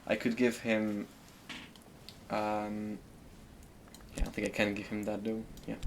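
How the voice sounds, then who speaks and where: A man's voice: on the low side, completely flat delivery, slow pace, noisy background. A man with a French accent giving gameplay commentary, thinking aloud and murmuring to himself while he decides. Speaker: streamer.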